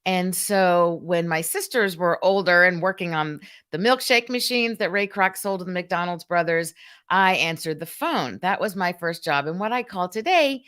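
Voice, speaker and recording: A woman's voice: lowish voice, normal speed, fairly bright tone, clean tone. An older woman from Georgia hosting a live-stream talk, speaking straight to viewers, acting out phone greetings and reading their comments aloud. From Columbus, Georgia. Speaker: host of a live customer experience show.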